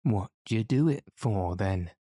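A man voicing a gruff village police constable who talks bluntly, drops his aitches and keeps accusing. It is a character voice in an audiobook reading. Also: fairly low pitch, expressive, slow, dark tone, no echo, studio quality, exaggerated voice. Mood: indignant.

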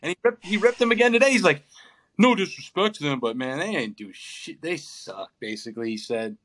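High-voiced, bright, ranting young man. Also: a little fast. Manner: animated, swearing, exasperated ranting. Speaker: podcast co-host. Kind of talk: casual sports chat.

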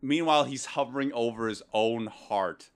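A man's voice: medium pitch, normal speed. A man co-hosting a casual podcast, mocking a movie with sarcastic, profane remarks and frequent laughs. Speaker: podcast co-host. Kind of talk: casual movie review chat.

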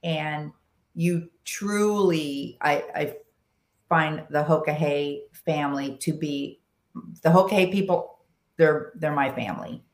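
A woman with a low voice tells a story in casual podcast chat. She is animated, restarts her sentences often and acts out what other people said. The room behind her sounds echoey. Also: takes it slowly. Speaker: podcast guest, long-distance motorcycle rider.

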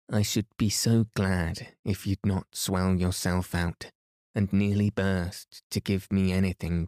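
A man voicing a gentle, polite young girl in a bedtime storybook reading, speaking earnestly and kindly. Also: low-pitched, no room sound, clean studio sound.

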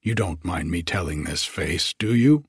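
A man reading a story, voicing a smug, pompous husband in a low, clipped manner. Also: lively intonation, moderate pace, breathy edge, no room sound, clean studio sound, exaggerated voice.

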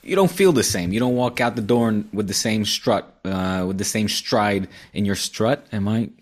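A man's voice: fairly low pitch, moderate pace. A man co-hosting a casual podcast, rambling and playful, with lots of uh fillers. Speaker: podcast co-host.

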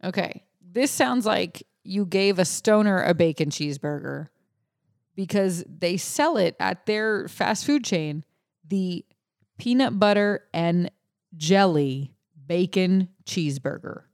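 A woman with a fairly low voice co-hosting a podcast. She talks casually and delivers her segments in a matter-of-fact manner. The sound is close and dry, with no room echo. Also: animated, takes it slowly, a little mellow. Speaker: podcast co-host. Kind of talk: casual chat, reading a news segment.

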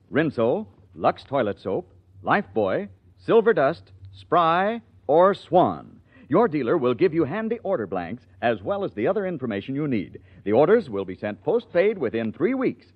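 A man reading a 1940s radio commercial as announcer, brisk and upbeat. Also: a little high, breathy edge, no room sound. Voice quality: brisk, upbeat salesman's delivery. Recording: dry, dull lo-fi old radio broadcast.

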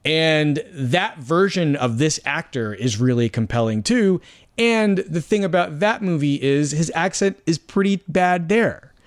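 A man's voice: a little high, expressive, unhurried. A man, a film critic, talking casually on a podcast, often searching for words and restarting his sentences.

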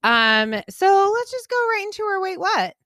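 A woman's voice: very high-pitched, normal speed, dry recording, studio quality. A woman co-hosting a podcast, telling a story in casual chat, often laughing and acting out what people said. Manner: animated, laughs through her story; acts out quoted voices loudly. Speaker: podcast co-host.

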